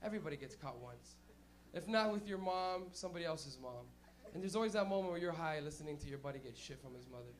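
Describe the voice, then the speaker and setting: A man's voice: a little high, animated, fast. A young man doing a loose, swearing stand-up set, acting out quotes as he hosts a small club night. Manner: loose, rowdy, swears a lot, acts out quotes. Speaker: stand-up comedian and host. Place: small club stage with a live audience.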